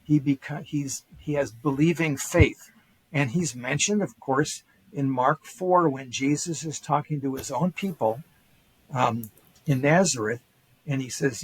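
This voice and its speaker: A man's voice: medium pitch, a little slow, slightly rough, poor audio. An older man, a historian guest on a podcast, retelling ancient stories casually with quoted voices and many fillers and restarts. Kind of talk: casual storytelling lecture.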